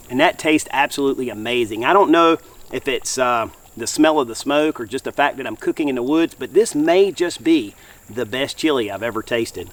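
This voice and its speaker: A man hosting an outdoor cooking show, talking to viewers in a folksy, upbeat way from a campfire in the woods. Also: mid-range voice. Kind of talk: enthusiastic cooking vlog.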